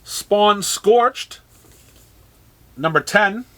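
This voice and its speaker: His voice is high, bright and forceful as he casually walks through a comic shop's weekly new releases. The man names each title with sarcastic, dry remarks and halting restarts.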